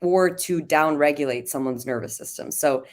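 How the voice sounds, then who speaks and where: Low-voiced woman host. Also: normal speed. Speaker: host and CEO. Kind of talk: live conversational explanation.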